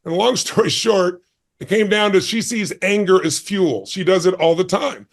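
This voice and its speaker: A man's voice: sits high, normal speed, gravelly. Intense storytelling man in his sixties. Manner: intense, emphatic storyteller who acts out quoted dialogue. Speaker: guest speaker. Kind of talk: storytelling in a podcast interview.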